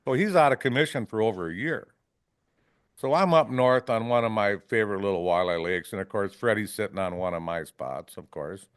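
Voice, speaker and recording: A man's voice: lowish voice, a little fast, clean tone, dry recording, studio quality. A man from Wisconsin, a fishing guide, telling rambling stories on a podcast, often ending lines with "right?" and acting out salty quotes. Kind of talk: casual storytelling. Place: podcast studio.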